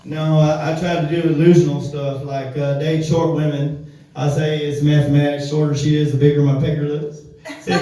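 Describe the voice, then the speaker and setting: A man's voice: on the high side, level tone, moderate pace, warm tone. A man doing a loose, crude stand-up set, cursing a lot and laughing at his own jokes. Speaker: stand-up comedian. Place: comedy club room. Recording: echoey room, voice from far off.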